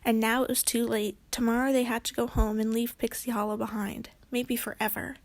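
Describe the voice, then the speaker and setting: A woman's voice: fairly high pitch, level tone, fairly quick, no echo. Woman reading a children's storybook. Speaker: narrator. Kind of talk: children's book read-aloud.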